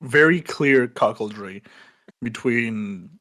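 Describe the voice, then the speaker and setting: Bright-voiced, foul-mouthed podcast guy. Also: mid-range voice, slow. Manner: crude, swears often, laughing banter. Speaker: podcast co-host. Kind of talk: casual chat.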